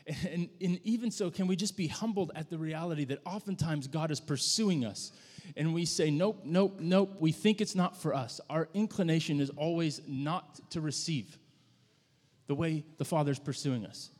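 A man preaching a sermon, telling a story in a conversational, halting way with frequent restarts. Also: on the high side, a little mellow. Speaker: pastor. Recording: long hall reverb.

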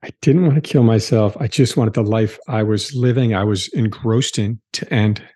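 A man's voice: lowish voice, moderate pace, dark tone, slightly rough. A man hosting a podcast interview, enthusiastic and repeating his guest's words back to her. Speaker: podcast host. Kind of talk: interview questions.

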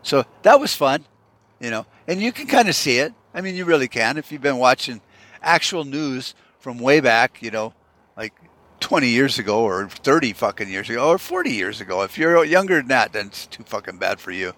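A man hosting a podcast, ranting at length in a sarcastic, heavily profane way. His voice sits mid-range in pitch, and his talk wanders from point to point. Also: big pitch swings, normal speed, a bit bright. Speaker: podcast host. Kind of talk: profane monologue rant.

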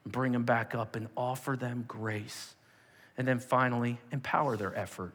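A man preaching a sermon as pastor, moving from emphatic exhortation to hushed prayer. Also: medium pitch, fairly even intonation, normal speed, husky. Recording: long hall reverb.

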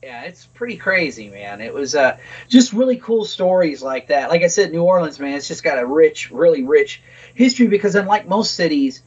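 A man's voice: on the high side, lively intonation, moderate pace, slightly rough, dull audio. A man co-hosting a podcast, rambling and swearing with lots of "like" and "dude". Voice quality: rambling, profane, lots of fillers. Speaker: podcast co-host. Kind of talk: casual chat.

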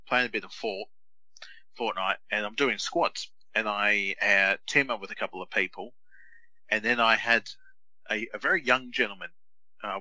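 Bright-voiced man telling gaming stories. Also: lowish voice, no room sound, low-quality recording. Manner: animated storyteller, acts out other gamers in raised voices. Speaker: podcast co-host. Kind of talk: casual chat.

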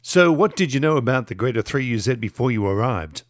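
A man conducting the interview, asking measured, prompting questions. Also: medium pitch, lively intonation, no room sound, clean studio sound.

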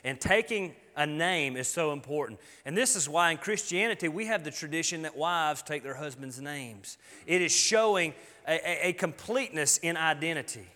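Brief: middle-aged man, pastor, bright forceful voice, folksy emphatic sermon in a reverberant church. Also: a little high, lively intonation, moderate pace. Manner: folksy, earnest, emphatic preaching with colloquialisms. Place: church sanctuary. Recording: long hall reverb.

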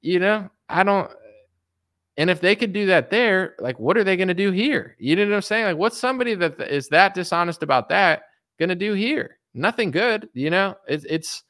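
A man's voice: high-pitched, animated, moderate pace, fairly bright tone. A young man hosting his own show, ranting about politics in a heated, sarcastic, casual way, calling listeners dude and folks. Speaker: political commentary host.

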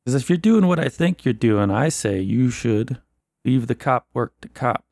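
Plain-spoken hardboiled cop, mid-pitched, dry close mic played by a man running the game. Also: animated, normal speed, darkish tone, no room sound. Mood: suspicious. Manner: gruff, plain-spoken, dismissive. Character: blunt suspicious male 1920s Boston cop. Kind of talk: tabletop role-play in character.

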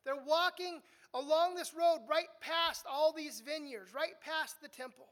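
Bright, high-voiced woman preaching. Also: a little slow. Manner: conversational teaching, repeats words when restarting. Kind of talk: expository sermon.

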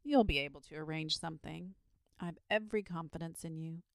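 A woman reading a storybook aloud, voicing a lazy, genteel dragon who speaks in a languid, unhurried way. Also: lowish voice, creaky, no echo, studio quality.

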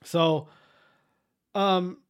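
A man's voice: high voice, fairly even intonation, extremely slow, clear, resonant tone, dry recording, clean studio sound. A man casually telling a long story to his viewers, rambling, repeating himself and swearing often.

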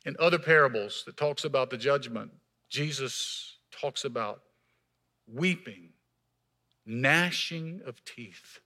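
A pastor delivers an emphatic sermon in church, swinging between raised passages and hushed, quiet lines. His voice is mid-range and a little slow.

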